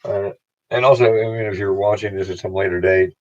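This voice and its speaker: A man with a very low voice drifts through a loose, profane monologue, stopping and restarting his thoughts. The recording sounds dull and lo-fi, with the top end rolled off. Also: fairly even intonation. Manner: meandering, profane, halting restarts. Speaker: vlogger. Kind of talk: rambling casual monologue to camera.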